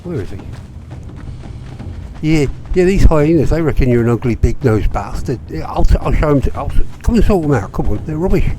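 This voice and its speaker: A man's voice: fairly high pitch, animated, brisk, mellow, slight background noise, voice pushed up, close to an everyday voice, low-quality recording. A man voicing a cheeky taunting character in a mock Birmingham accent, goading a crocodile in a video game.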